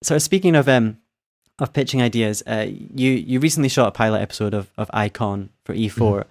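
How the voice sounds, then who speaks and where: A man's voice: fairly low pitch, fairly quick. A man co-hosting an interview, casual and joking. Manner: joking, laughing easily. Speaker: podcast co-host.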